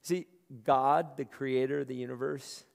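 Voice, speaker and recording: A man's voice: mid-range voice, steady tone, normal speed, vocal fry. A male pastor preaching a conversational sermon, often repeating words as he starts his phrases. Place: large room. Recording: long hall reverb.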